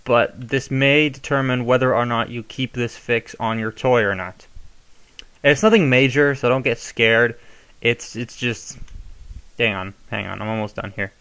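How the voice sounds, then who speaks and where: A man's voice: mid-range voice, unhurried, fairly bright tone, clean tone. A young man casually showing how to modify a toy, chatty and given to rambling asides. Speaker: toy reviewer. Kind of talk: casual hands-on tutorial.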